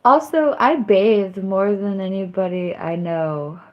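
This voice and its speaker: A woman live streamer chatting casually to her viewers. She rambles loosely, mocks herself and breaks into squeals and yells. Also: medium pitch, takes it slowly, dull audio. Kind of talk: casual livestream chat.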